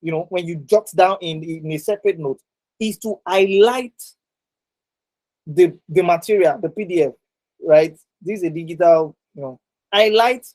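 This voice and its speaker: A man's voice: high-pitched, normal speed, darkish tone, low-quality recording. Man teaching an online class, saying "right?" a lot. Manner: repeats points, tags sentences with "right?". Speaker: exam prep instructor. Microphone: video call.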